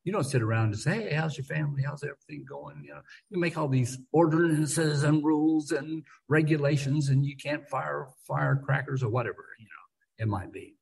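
A man's voice: on the high side, moderate pace, creaky, a little mellow, slightly rough, poor audio. A man leading an informal Bible study, talking conversationally, often restarting and repeating words, and leaning hard on key words.

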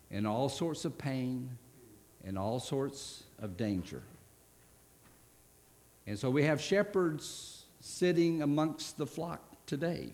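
A man's voice: medium pitch, darkish tone. A man preaching a sermon in a church, talking in a conversational way and often restarting his phrases. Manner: conversational, with frequent restarts and asides.

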